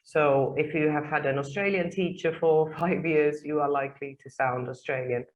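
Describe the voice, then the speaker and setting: Native English-speaking woman panelist, low voice, emphatic, lots of ums. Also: steady tone, normal speed, rough recording. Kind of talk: webinar panel discussion.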